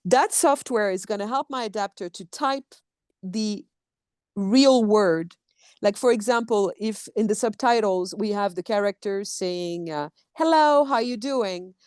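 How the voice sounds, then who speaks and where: Woman, expressive storyteller, conversational interview, dry sound. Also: mid-range voice, a little slow, smooth, no echo. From France. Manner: animated storyteller acting out quotes, restarts often. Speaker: actor and dub producer. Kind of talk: casual interview chat.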